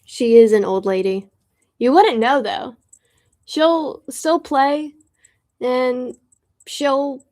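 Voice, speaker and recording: A woman's voice: high-pitched, very slow, long pauses, a little mellow. A woman from Florida chatting casually to her audience, rambling through stories while tuning drums. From Pensacola, Florida, US. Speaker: drummer and host of a music channel.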